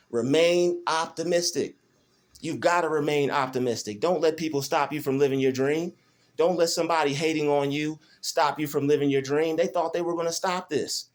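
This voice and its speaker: Male vlogger, fairly high pitch, preachy defiant rant in a small room. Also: moderate pace. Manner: defiant and preachy, repeating phrases. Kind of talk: emotional self-filmed rant. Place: small rented room indoors.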